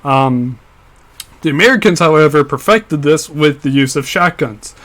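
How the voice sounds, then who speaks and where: A man's voice: a little high, lively intonation, moderate pace, fairly bright tone. A young man co-hosting a casual history podcast, explaining events at length with frequent fillers and restarts. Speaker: podcast co-host.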